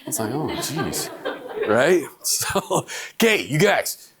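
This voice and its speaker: A middle-aged man giving a humorous lecture, telling family stories with lively acted-out quotes to an audience in a lecture hall. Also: a little high, takes it slowly, crowd noise. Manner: animated storyteller, acts out family quotes.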